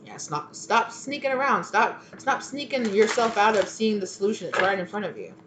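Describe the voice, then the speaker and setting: A woman's voice: mid-range voice, animated, moderate pace, noisy background. A woman giving a casual spoken tarot reading, rambling and chatty, with many fillers and restarts. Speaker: tarot reader.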